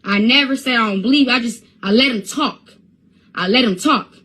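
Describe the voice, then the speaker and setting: A woman's voice: fairly high pitch, moderate pace, sharp tone, husky. Stammering woman on a phone stream. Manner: stutters and repeats words when upset. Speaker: Instagram live streamer. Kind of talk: casual storytelling to viewers.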